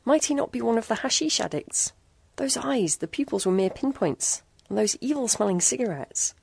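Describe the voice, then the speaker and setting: A woman's voice: fairly high pitch, animated, normal speed, gravelly, a little mellow, slightly rough, dry recording, pitched above the performer's own voice, full character voice. A woman voicing a frightened, tearful young woman who speaks in an anxious, trembling way. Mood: uneasy.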